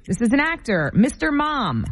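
High giggly American radio co-host. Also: female voice, big pitch swings, moderate pace. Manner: giggly, self-deprecating. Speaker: radio morning show co-host. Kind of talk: radio game hosting and banter.

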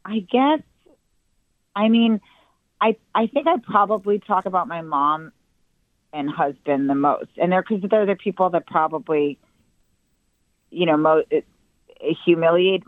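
Over a tinny phone line with a dry sound, a low-voiced woman comedian plays interview guest. Her stories poke fun at herself, playful and sprinkled with quick asides.

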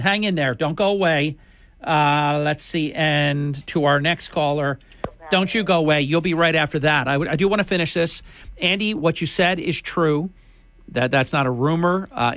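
A man's voice: a little high, fairly bright tone, no room sound. Combative male talk radio host. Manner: combative, scornful, emphatic. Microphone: studio microphone.

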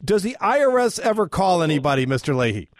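Radio host guy, slightly high voice, dry studio sound, tells stories with lots of life. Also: fast talker, no room sound. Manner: animated storyteller, acts out both sides of calls. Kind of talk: radio interview.

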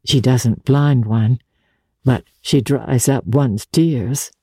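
An audiobook reader voicing a composed society woman who speaks quietly and naturally, in a mellow, husky tone. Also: medium pitch, takes it slowly, no room sound, clean studio sound. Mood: calm. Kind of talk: audiobook character reading.

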